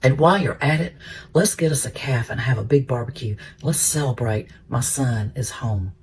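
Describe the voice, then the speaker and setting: A man's voice: medium pitch, moderate pace, a little hiss or hum, lightly acted. A man voicing a loving father who forgives his sons, speaking in his own everyday storytelling voice. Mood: joyful.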